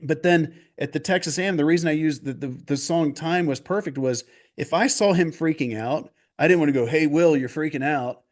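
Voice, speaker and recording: A man guest on a video call interview, telling stories in a casual, animated way and acting out quotes. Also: a little high, fairly quick. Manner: animated, restarts and acts out quotes. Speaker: golf coach guest.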